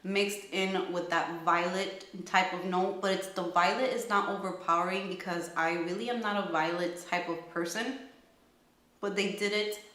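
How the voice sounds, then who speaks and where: In a fairly low, steady, fairly bright voice at a normal speed, a fragrance reviewer casually goes through perfumes. She is enthusiastic and gushing, thinking aloud as she describes each one, and the room echoes.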